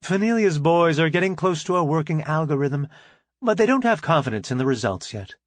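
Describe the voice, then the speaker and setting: A man's voice: fairly high pitch, expressive, a little fast, no room sound, close to an everyday voice. A man voicing a frank female starship engineer. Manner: crisp, formal military address.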